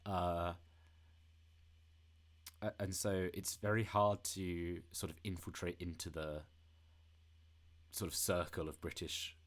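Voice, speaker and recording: Young man, deep low voice, hesitant, lots of fillers, deadpan podcast co-host. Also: takes it slowly, long pauses. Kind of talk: deadpan comedy conspiracy chat.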